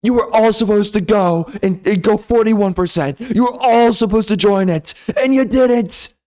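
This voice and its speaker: A man delivering a loud, sneering, profane comedy rant as a game reviewer. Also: high-pitched, moderate pace. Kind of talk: ranting comedy commentary.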